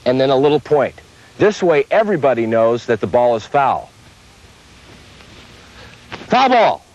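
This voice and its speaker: A man's voice: mid-range voice, a little fast. Man teaching umpire calls, lo-fi. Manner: steady, explains step by step. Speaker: umpire instructor. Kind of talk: instructional demonstration. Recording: dull lo-fi old video audio.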